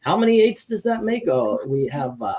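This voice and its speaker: This host of a laid-back comic-cover ranking panel has a slightly high, sing-song, darkish voice at a normal speed. He announces viewer scores and wanders through the counting, filling it with lots of verbal fillers.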